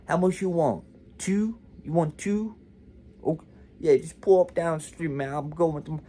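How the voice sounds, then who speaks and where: A man voicing a brash young male street dealer with a Baltimore accent, in a fast, raised, clipped voice. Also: a little high, warm tone, voice pushed up, lightly acted. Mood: pushy.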